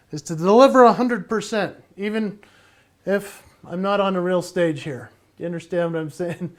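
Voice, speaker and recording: A man giving a playful, energetic virtual keynote from his home, laughing often and slightly out of breath. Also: sits high. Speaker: motivational speaker and entertainer.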